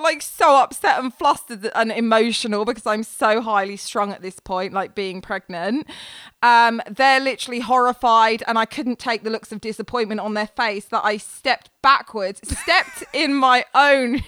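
A woman in her thirties with a smooth, clear voice that sits a little high. She tells stories in a casual, animated way and acts out quoted lines. The sound is close and dry. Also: normal speed, no room sound. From England. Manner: animated storyteller, acts out quoted voices and laughs through the story. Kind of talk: casual storytelling chat.

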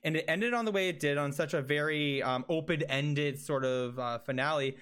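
Chatty laughing man, higher voice. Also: normal speed, a bit bright. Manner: chatty, laughs often, talks in long runs. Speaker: podcast co-host. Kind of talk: casual chat.

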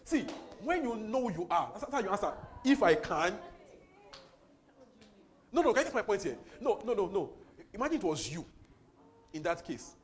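A man preaching over a Bible reading, animated and laughing often, with repeated exclamations. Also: high-pitched, brisk. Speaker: preacher leading a Bible study. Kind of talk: lively sermon commentary.

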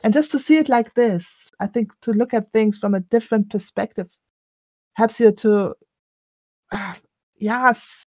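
A woman co-hosting a podcast, speaking in a reflective casual chat and laughing softly now and then. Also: on the high side, a little slow, pauses often, no room sound. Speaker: podcast co-host.

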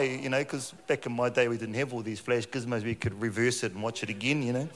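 A middle-aged man preaching a sermon in a church hall on a handheld mic, joking and telling animated stories. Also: mid-range voice, quick pace, hardly any pauses. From New Zealand. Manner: jokey, animated storytelling with frequent laughs.

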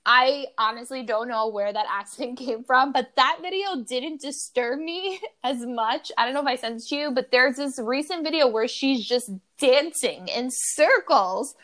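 A woman's voice: high voice, normal speed, few pauses, a bit bright. A woman co-hosting a podcast in casual chat, talking with many "like" fillers and laughing through her stories. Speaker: podcast co-host.

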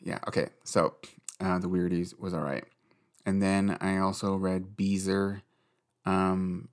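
A book vlogger rambles about books late at night in a low, fairly flat voice, talking slowly with long pauses. He swears freely and keeps giggling at himself.

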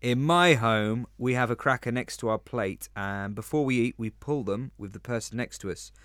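A man's voice: medium pitch, moderate pace, a bit bright, dry recording. A man from London co-hosting a podcast, explaining customs with dry humour. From England (London). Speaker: podcast co-host. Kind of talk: casual scripted podcast chat.

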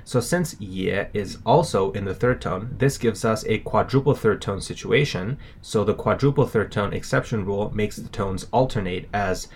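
A man's voice: lowish voice, normal speed, hardly any pauses, slight background noise. A man co-hosting a language lesson, explaining words steadily. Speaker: language podcast co-host.

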